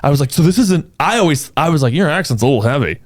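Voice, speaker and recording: A young man hosting a podcast, telling a story in a lively, casual way, laughing often and breaking into quoted asides. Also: a little high, very fast, no room sound. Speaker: podcast host. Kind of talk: casual chat, animated storytelling.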